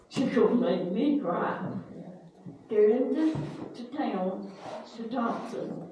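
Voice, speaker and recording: A woman's voice: mid-range voice, mellow, muffled recording. An older woman telling family stories in a rambling way, stopping to search for names. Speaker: family storyteller. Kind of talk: casual family reminiscing. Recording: roomy echo, distant mic, faint hiss.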